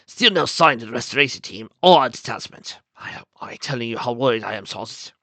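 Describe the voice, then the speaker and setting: A man plays a nervous middle-aged colonel in a storybook reading, fretting in a bright voice that trails away at the ends of lines. The sound is close and dry. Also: medium pitch, lively intonation, fairly quick, no echo. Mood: worried.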